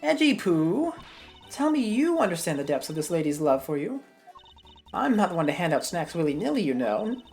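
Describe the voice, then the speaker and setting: A woman voicing a meddling, fawning old woman from a game who scolds and gushes by turns, with her voice jumping up high. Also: sing-song, normal speed, a little mellow, faint music behind. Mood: doting. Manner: gushing and scolding, swoops up high.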